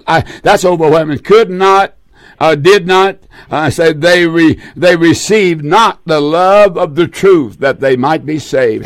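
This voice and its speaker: An older man preaching a fervent sermon, pleading and repeating phrases, often trailing off low at the ends of lines. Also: no room sound, studio quality. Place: seated indoors.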